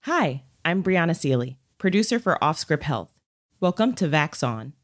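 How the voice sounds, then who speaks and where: A woman producer reading a scripted promo for another podcast, measured and emphatic. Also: deep voice, sing-song.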